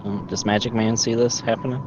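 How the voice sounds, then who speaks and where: A laid-back player who talks in slang. The audio is dull, with faint noise behind him. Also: male voice, on the low side, flat delivery, brisk. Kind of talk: casual chat.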